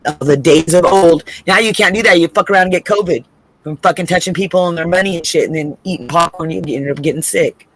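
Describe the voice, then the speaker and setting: A woman's voice: lowish voice, fast. A woman in casual chat on a video call, swearing freely, rambling and laughing as she tells stories during a trivia game. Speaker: co-host playing a trivia game.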